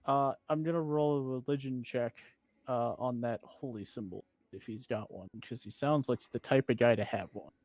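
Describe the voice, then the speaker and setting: A man playing a tabletop role-playing game who often restarts his sentences and talks with a halting manner. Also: medium pitch, darkish tone, dry recording. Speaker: player.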